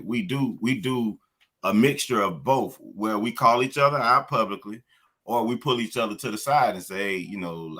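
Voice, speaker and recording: Earnest man with a bright voice. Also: mid-range voice. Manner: earnest, reflective, drops agreeing "yeah"s. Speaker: podcast co-host. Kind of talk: casual group chat.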